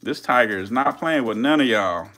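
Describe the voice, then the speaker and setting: Excited man hyping up a feeding. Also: medium pitch, normal speed. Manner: excited, swearing, chatty with viewers. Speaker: reptile keeper streaming feedings. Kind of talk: casual live-stream commentary.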